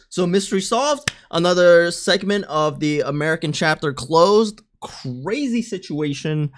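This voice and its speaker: A streamer giving loose, casual live reaction commentary, often laughing and swearing. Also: medium pitch.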